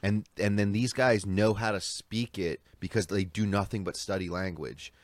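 A man with a low, deep voice, chatting casually on a podcast. He rambles through his stories and swears without a second thought. The sound is dry and close, with no room in it. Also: fairly even intonation, moderate pace, no echo. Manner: rambling storyteller, swears freely. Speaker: podcast co-host. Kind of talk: casual chat.

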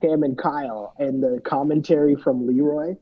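His voice is fairly high and steady with a breathy edge, at a moderate pace. Co-hosting a podcast, this man loosely recaps things, cracks jokes and mimics the people involved, the audio dull and lo-fi.

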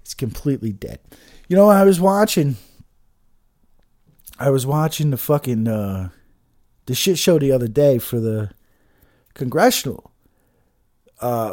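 A man's voice: medium pitch, warm tone. A man giving an agitated, profane political rant, full of restarts and swearing. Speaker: political commentator. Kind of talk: ranting political monologue.

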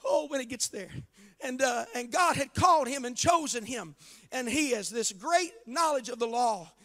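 A male pastor preaching an impassioned sermon, often shouting and stretching out his words, in a church. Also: very high-pitched, expressive, moderate pace. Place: church sanctuary. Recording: long reverb of a church hall.

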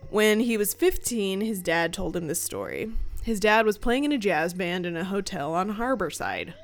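A woman telling ghost stories as a casual podcast co-host. Her pitch moves up and down with lively animation, and her talk is loose and chatty, full of fillers and the odd swear word. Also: moderate pace. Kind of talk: casual storytelling chat.

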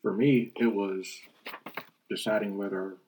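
A man who is a pastor, chatting casually on a podcast, laughing easily and pausing to think aloud. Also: lowish voice, steady tone, darkish tone, a little hiss or hum, low-quality recording. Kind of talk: casual chat.

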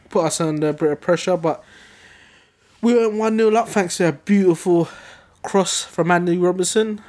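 A man, co-hosting a podcast and telling a football story in an animated, excitable way. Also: a little high. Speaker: podcast co-host. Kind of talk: casual football chat.

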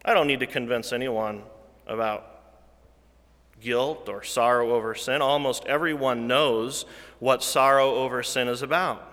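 A man preaching a sermon, slow and deliberate, rising loud and falling to a hush. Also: mid-range voice, steady tone, in a large hall. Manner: slow, deliberate preaching that swells louder then drops to a hush.

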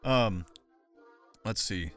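A man's voice: on the low side, very slow, fairly bright tone, soft background music. A man hosting a history podcast, telling the story in a jokey, casual way while sick with a sore throat. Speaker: podcast co-host.

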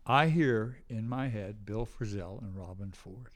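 An older man, a musician guesting on an informal interview, shares wandering anecdotes and often voices the people he quotes. He talks unhurriedly in a voice on the low side.

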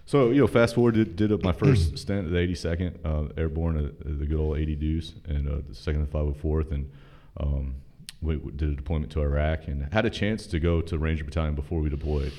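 A man's voice: a bass voice, a little fast, hardly any pauses. A man from North Carolina, a podcast guest, telling stories casually with plenty of profanity and acted-out dialogue. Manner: profane, animated, quotes dialogue in his story. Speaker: podcast guest, former Army officer. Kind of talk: casual storytelling.

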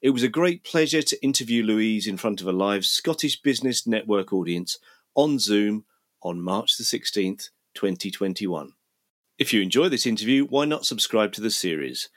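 A man hosting a podcast interview, speaking in a friendly, measured way with some ums and restarts. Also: lowish voice, lively intonation, a bit bright. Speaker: podcast host.

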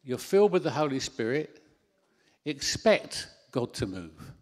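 A man preaching a sermon into a handheld microphone in a church hall, animated, with self-deprecating asides. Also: medium pitch, unhurried.

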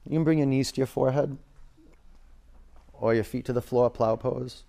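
A man leads a yoga class in a studio, cueing poses in a relaxed, loose way with plenty of fillers. His voice is gravelly with some creak and sits at a medium pitch. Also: normal speed. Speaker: yoga teacher.

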